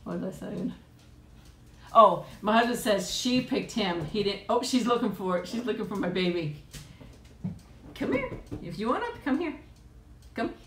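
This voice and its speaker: A woman's voice: mid-range voice, lively intonation, normal speed, a bit bright, roomy sound, slight background noise. A middle-aged woman hosting a casual live chat from home on a tablet, laughing often and cooing at her pet. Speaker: live stream host.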